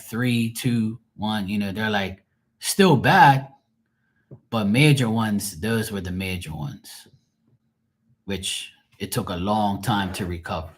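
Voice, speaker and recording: A middle-aged Bermudian man with a husky, somewhat low voice, chatting loosely to a livestream audience. He rambles from one point to the next, swears freely and laughs often. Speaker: tarot reader. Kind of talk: casual livestream chat.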